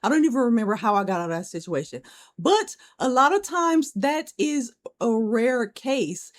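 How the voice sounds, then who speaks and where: A woman's voice: fairly high pitch, animated, normal speed. A young woman co-hosting a podcast, chatting casually and telling stories in a blunt, frank, profane way. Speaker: podcast co-host.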